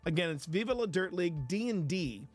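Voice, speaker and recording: A man hosts a live stream in a loose, rambling way, often restarting his sentences and swearing casually. His voice sits fairly high, and faint music plays underneath. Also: expressive, fairly quick, a little mellow. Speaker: streamer host.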